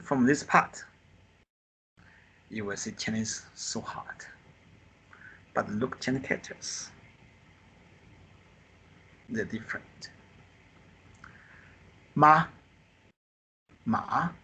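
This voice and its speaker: A man teaches a beginner Mandarin class live over a video call, speaking slowly in simple non-native English. His voice is bright and a little husky, and he acts out the tones with long, animated sighs. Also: mid-range voice. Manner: animated, drawn-out sighs acting out the four tones. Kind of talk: live online group lesson. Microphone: computer mic on a video call.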